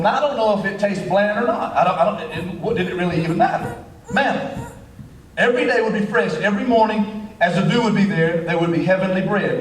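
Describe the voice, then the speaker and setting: A man with a high voice preaches to a church crowd, animated and joking, often repeating words before a thought gets going. His voice carries through a roomy, echoey hall. It sounds a little distant from the mic. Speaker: pastor. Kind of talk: sermon.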